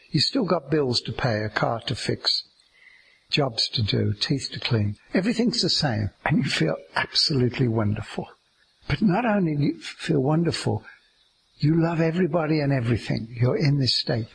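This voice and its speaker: A man giving a slow, meditative teaching talk about staying aware in each moment, drawing out his words gently. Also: mid-range voice, creaky, a little hiss or hum, low-quality recording.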